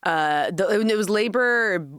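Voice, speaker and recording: A woman hosting a casual podcast, chatty and quick to laugh, with casual swearing. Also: mid-range voice, expressive, fairly bright tone, smooth, no echo, studio quality. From Washington State. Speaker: podcast host, cannabis consultant.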